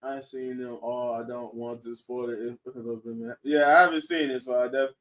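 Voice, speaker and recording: A man hosting a podcast in casual chat, excitable and laughing often, restarting his sentences as he talks. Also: medium pitch, normal speed, distant mic. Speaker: podcast host. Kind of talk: casual chat reviewing shows and movies.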